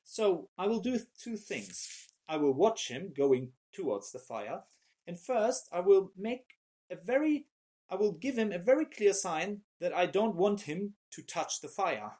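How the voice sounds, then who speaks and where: A man preaching a sermon in an animated way, often repeating words as he searches for the right phrase. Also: high-pitched, measured pace.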